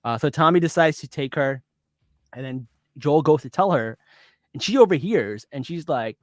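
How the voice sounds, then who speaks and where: A man hosting a podcast in casual chat, playful and quick with jokes, retelling scenes by acting out the lines. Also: fairly high pitch, lively intonation, no echo. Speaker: podcast host.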